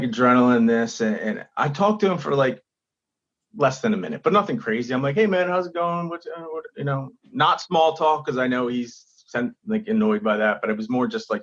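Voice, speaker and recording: A man's voice: mid-range voice, breathy edge, muffled recording. A man, a stand-up comedian, chatting casually on a podcast and telling stories with acted-out quotes. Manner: animated storytelling, acts out quotes.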